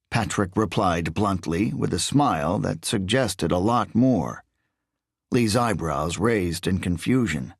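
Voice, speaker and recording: A man reading a thriller audiobook in measured, expressive scripted narration. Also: lowish voice, husky, no echo, clean studio sound.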